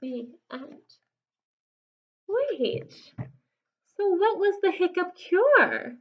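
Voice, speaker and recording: A woman reading a rhyming picture book aloud, softly echoing the rhyming words after each line. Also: very high voice, sing-song, extremely slow, lo-fi sound. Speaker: storybook reader.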